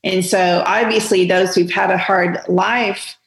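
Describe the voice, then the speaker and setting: A woman's voice: fairly low pitch, fairly even intonation, unhurried, creaky, echoey room, poor audio. A woman co-hosting a casual Bible study podcast, speaking emphatically and drawing out her words when making a point. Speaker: podcast co-host.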